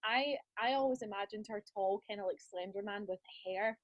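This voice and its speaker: A woman's voice: medium pitch, normal speed. A woman hosting a podcast, chatting enthusiastically and sharing her own anecdotes in a casual conversation. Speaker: podcast host.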